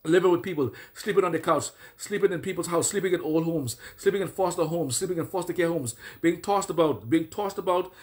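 A man with a somewhat high-pitched voice preaches a deliverance sermon. He runs through long lists in repeated phrases and breaks into forceful commanding prayers. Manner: repetitive, declaring and commanding prayers. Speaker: prophet.

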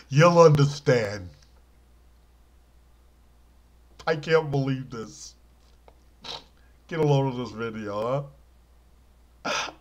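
A man playing a battered, self-pitying can scavenger in a comic monologue to camera, pleading in a whiny, melodramatic way. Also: fairly high pitch. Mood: plaintive.

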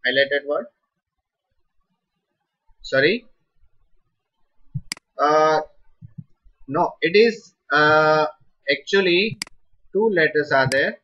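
An encouraging Indian English teacher guides students through pronunciation, calling on them by name and praising each answer. His voice is bright and forceful, and he speaks slowly. The recording sounds dull and lo-fi. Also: fairly high pitch, expressive. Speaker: Sanskrit teacher. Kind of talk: live online class teaching.

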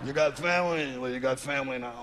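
A man's voice: high-pitched, a little slow, creaky, big-room sound, background noise. A man doing a boisterous Italian-American mobster boss in a stand-up bit.

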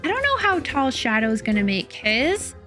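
A woman's voice: high voice, wildly swooping pitch, normal speed, sharp tone, faint music behind. A young woman giving casual, chatty gameplay commentary while building, often doubting herself and laughing at her own work. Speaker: Minecraft build-battle player.

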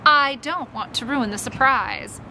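A woman reading an audiobook, voicing an easygoing mother who is breezy, reassuring and gently firm. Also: sits high, lively intonation, a little slow, slight background noise, full character voice. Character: upbeat easygoing mother, middle-aged woman.

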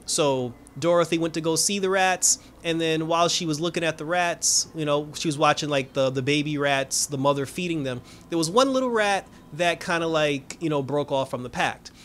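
A man reviews a TV episode in a loose, rambling recap. His voice sits a little on the high side. He leans on filler words, drops the odd swear word and laughs easily. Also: normal speed, few pauses, a bit bright, a little hiss or hum.

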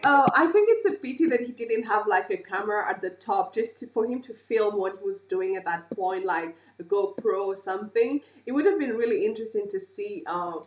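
A woman's voice: mid-range voice, normal speed, hardly any pauses, roomy sound, muffled recording, faint music behind. A woman co-host reacting with enthusiasm and asking viewers questions. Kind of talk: reaction video commentary.

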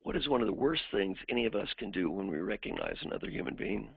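Male executive coach lecturing with stories; husky voice, dry close sound. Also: lowish voice, quick pace, no echo. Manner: animated storyteller who acts out the people in his stories. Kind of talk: lecture with anecdotes. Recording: dry, phone-like narrowband sound.

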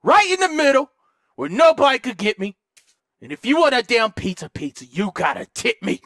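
A man's voice: extremely high pitch, very animated, moderate pace, sharp tone, no room sound, clean studio sound. A man commentating a horror game, panicky and joking, yelping and screaming when scared. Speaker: let's play gamer.

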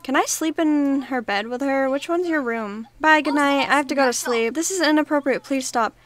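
A young woman with a slightly high voice talks through her life-simulation game in a loose, chatty way. She reacts to every moment and jumps into her characters' lines with playful running commentary. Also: normal speed. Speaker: gaming YouTuber. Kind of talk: casual let's-play commentary.

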